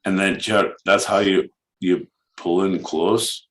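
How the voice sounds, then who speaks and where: A man co-hosting a podcast, crude, loud and joking. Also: sits low, fairly even intonation, slow. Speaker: podcast co-host. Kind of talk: casual comedic chat.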